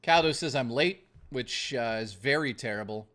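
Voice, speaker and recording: A man livestreaming in casual chat, rowdy and profane, thanking chat and joking excitedly. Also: medium pitch, normal speed. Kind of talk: casual live-stream chat.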